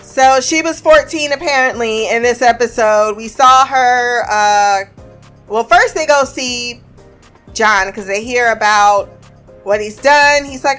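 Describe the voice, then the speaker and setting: Woman recapping a tv episode, kinda high voice, swears a lot, does the characters' lines, laughs a bunch, faint music behind. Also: takes it slowly, fairly bright tone. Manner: chatty, swears freely, acts out characters' lines; laughs often while retelling.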